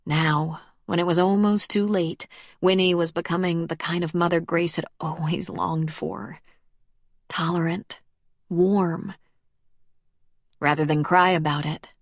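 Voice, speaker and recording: A woman reading an audiobook in calm, measured narration. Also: lowish voice, no room sound, clean studio sound. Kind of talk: scripted narration.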